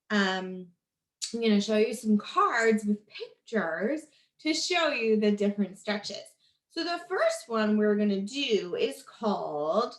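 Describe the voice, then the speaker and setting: A slightly high, somewhat bright female voice coaches young kids through animal stretches, sounding encouraging and upbeat with a sing-song delivery. It's a guided stretching lesson from a children's yoga and storytime instructor. The room echoes, and she sits a bit back from the microphone.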